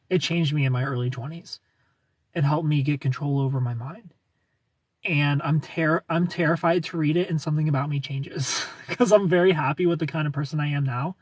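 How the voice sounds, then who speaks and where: A man's voice: on the high side, husky, no echo, recorded from a distance. A man in his thirties hosting a casual livestream and answering viewers' comments, rambling, restarting sentences and chuckling often.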